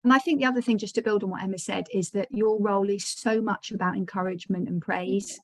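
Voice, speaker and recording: A woman's voice: mid-range voice, fairly even intonation, fast talker, no room sound. A woman hosting an online training session, chatty and encouraging, with many fillers, on a video call. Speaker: session host.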